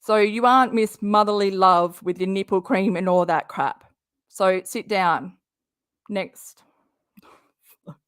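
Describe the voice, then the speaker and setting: A woman's voice: mid-range voice, slow, long pauses, clear, resonant tone, no echo, studio quality. A woman hosting a live stream of drama commentary. She talks bluntly and heatedly, swears freely, and reads viewer comments from the chat.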